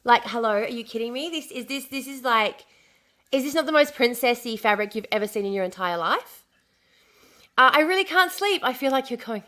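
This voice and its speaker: Woman streamer, chatty and bubbly, high and bright, slightly hoarse. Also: a little fast. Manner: chatty, bubbly greetings, swears casually. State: recovering from lost voice, slightly hoarse. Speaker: livestream host. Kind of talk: casual livestream chat.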